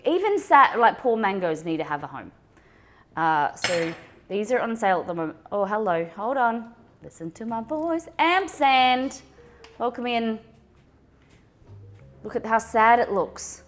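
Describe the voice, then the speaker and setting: Lively Australian woman chatting on stream. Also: medium pitch, normal speed, soft background music. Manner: chatty, excitable, talks to chat. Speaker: livestream cooking host. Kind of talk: casual livestream chat.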